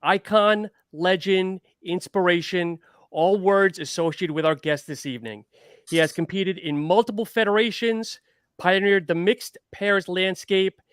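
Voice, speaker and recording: A man with a high, crisp voice reads a formal scripted introduction as host. The recording is close and dry. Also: no echo. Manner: formal, announcing.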